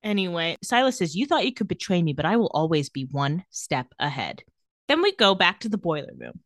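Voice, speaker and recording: Lively young woman acting out a recap. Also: fairly low pitch, a little fast, no echo, studio quality. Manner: retells scenes, acting out characters' lines in playful voices. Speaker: podcast co-host recapping a TV episode. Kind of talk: casual chat.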